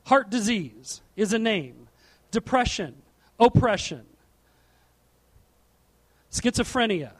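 A middle-aged man preaching a sermon from a church platform, animated and asking the congregation questions. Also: high voice. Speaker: pastor.

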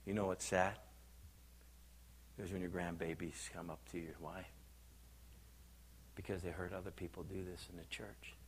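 An older man, a pastor, preaching a sermon with animated storytelling and acted-out quotes. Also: sits low, normal speed, long pauses, a little hiss or hum.

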